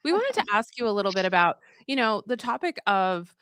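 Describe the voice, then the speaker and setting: A woman's voice: mid-range voice, brisk, clean tone, no echo, studio quality. A woman co-hosting a live watch party, enthusiastic and gushing, introducing guests and reacting in casual chat. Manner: enthusiastic, gushing, animated asides.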